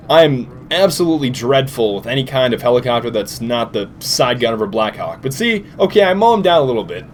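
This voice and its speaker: Young man, sleep-deprived, lively swooping voice, goofy outbursts, faint background noise. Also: mid-range voice. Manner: animated, jokey, sudden loud outbursts. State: tired, short on sleep. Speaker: gaming commentator. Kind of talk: casual gameplay commentary.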